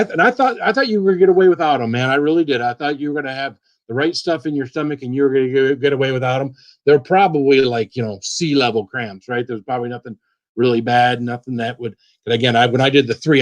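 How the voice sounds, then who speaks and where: Live stream host, male, slightly higher voice, easygoing chat, greets everyone by name. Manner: greets viewers by name, repeats himself, relaxed and chatty.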